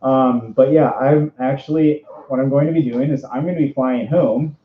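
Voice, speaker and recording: A man in his twenties with a Minnesota accent, hosting a casual livestream interview. He talks from inside a costume suit, rambling, bubbly and quick to laugh. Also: medium pitch, fairly even intonation. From Minnesota, USA. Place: indoors, speaking from inside a fursuit. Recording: roomy, dull lo-fi stream audio.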